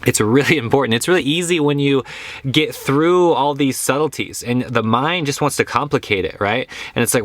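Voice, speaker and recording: A man's voice: medium pitch, moderate pace, fairly bright tone, no echo. A young man, a yoga teacher, giving a casual and earnest spiritual talk, repeating phrases for stress.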